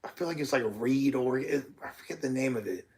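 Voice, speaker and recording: A man in his thirties tells a road story on his own show. His talk is loose, profane and animated. He slips into the voices of the people he quotes. His pitch sits in an ordinary middle range. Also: fairly quick. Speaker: podcast host telling a tour story. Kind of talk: casual storytelling.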